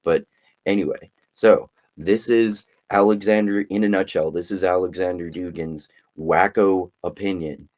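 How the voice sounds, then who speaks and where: Deep-voiced sarcastic male commentator. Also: fairly even intonation, measured pace, darkish tone, poor audio. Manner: sarcastic, profane, rambling. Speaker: commentary channel host. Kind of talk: casual commentary on a book.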